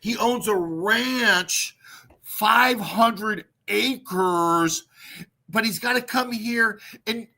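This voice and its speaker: Man, livestream host, rambling profane ranter, high voice. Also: extremely slow, sharp tone. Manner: profane, rambling, laughs at own jokes. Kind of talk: casual ranting livestream monologue.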